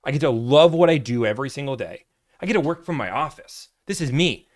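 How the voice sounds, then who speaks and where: A man's voice: mid-range voice, lively intonation, fairly quick. A man, hosting a livestream from his office, chatting casually and teasing the chat with sarcasm. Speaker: livestream host, car buying broker.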